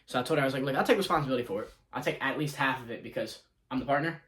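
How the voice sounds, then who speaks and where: A man's voice: mid-range voice, very fast, a bit bright. Young male vlogger, loose and scatterbrained, chatty day recap. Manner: scatterbrained, quotes himself and others in conversation. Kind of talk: casual rambling vlog. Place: in a car.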